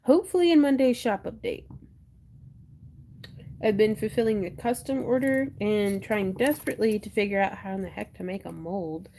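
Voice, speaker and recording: A woman's voice: medium pitch, moderate pace, mellow, slight background noise. A woman hosting a crafting livestream from home, chatting casually, giggling and reading viewer comments aloud.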